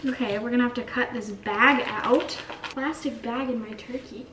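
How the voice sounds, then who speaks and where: A woman's voice: on the high side, measured pace, roomy sound, noisy background. A young woman rambling chattily through a cooking vlog, mocking herself as she goes. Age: young adult. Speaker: vlogger.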